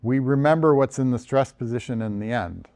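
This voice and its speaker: A man's voice: medium pitch, fairly quick, darkish tone. A man from the United States, a journal editor, giving a conversational lecture over slides with frequent ums and restarts. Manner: conversational, self-deprecating, many ums and restarts.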